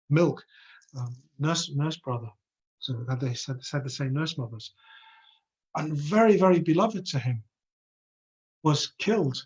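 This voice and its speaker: Earnest man, husky and lo-fi. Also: mid-range voice. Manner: earnest, poses many rhetorical questions. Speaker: religious teacher. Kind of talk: live online religious lesson.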